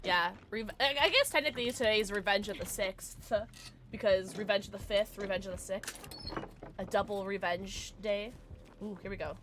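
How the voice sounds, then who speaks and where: A woman streaming a game live, chatting excitedly with viewers and her teammates and calling people love. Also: medium pitch, moderate pace, noisy background. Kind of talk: live gameplay commentary.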